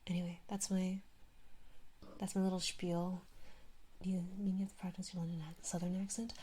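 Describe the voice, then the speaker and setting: A young woman streamer chatting in a soft ASMR whisper, rambling and self-deprecating as she tells a story, close to a sensitive mic. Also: lowish voice, little pitch movement, moderate pace, breathy edge.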